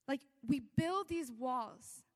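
High-voiced young woman preaching in an echoing hall. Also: lively intonation, takes it slowly, a little mellow. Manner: conversational, earnest, with many fillers. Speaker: church speaker. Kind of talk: sermon. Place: church hall. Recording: long echo of a large hall.

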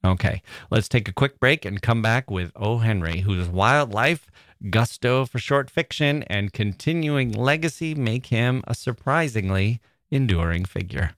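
A man's voice: fairly low pitch, animated, unhurried, a bit bright, no room sound, studio quality. A man hosting a literature podcast in a reflective, wry, conversational way, chuckling now and then. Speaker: podcast host.

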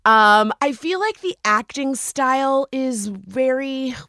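A woman's voice: high voice, expressive, takes it slowly, sharp tone, no room sound, clean studio sound. A woman guest on a comedy podcast, chatting casually and acting out quotes in exaggerated voices.

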